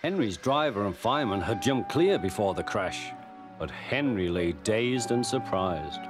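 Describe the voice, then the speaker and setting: A man's voice: lowish voice, unhurried, over loud music. A man with a British accent narrating a children's storybook cartoon expressively. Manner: lively and expressive.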